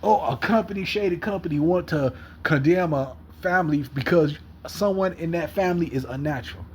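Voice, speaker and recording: Young male vlogger, repetitive rambling monologue, slightly high voice. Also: fairly quick, a little hiss or hum. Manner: repetitive, rambling, repeats phrases over and over.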